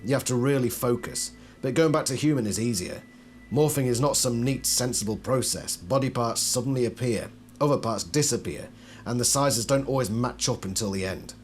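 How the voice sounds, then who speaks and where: A man hosting a video, reading out card texts and breaking off with wry, skeptical asides that trail off into quiet mutters. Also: mid-range voice, expressive, moderate pace, slight background noise. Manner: wry, skeptical asides between read-out passages. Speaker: channel host reviewing collectible cards. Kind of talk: casual commentary mixed with reading aloud.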